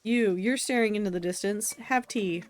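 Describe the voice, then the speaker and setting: A woman's voice: medium pitch, moderate pace, dry recording. A young woman streaming a game, chatting casually with playful, mock-exasperated remarks.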